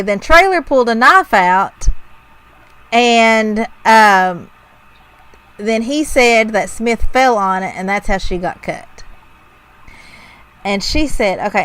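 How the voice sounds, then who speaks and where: A woman's voice: medium pitch, a bit bright, clear, resonant tone, rough recording. A woman co-hosting a podcast in casual chat, wry and self-deprecating as she retells odd news stories. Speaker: podcast co-host.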